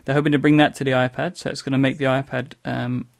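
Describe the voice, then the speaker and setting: Man, gravelly voice, casual podcast co-host, dry explaining. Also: mid-range voice, little pitch movement, fast.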